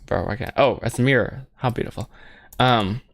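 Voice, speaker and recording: A man's voice: medium pitch, moderate pace, gravelly. A man talking casually while he works at a computer, rambling and joking at his own expense. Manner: rambling, self-mocking, jokey asides to himself. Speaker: animator streaming his film work. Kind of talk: casual thinking-aloud commentary while modeling.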